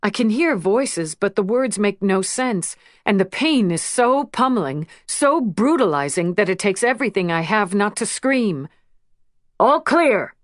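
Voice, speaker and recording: A woman narrating an audiobook in a measured, emotional first-person reading. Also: medium pitch, no echo, clean studio sound. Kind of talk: scripted narration.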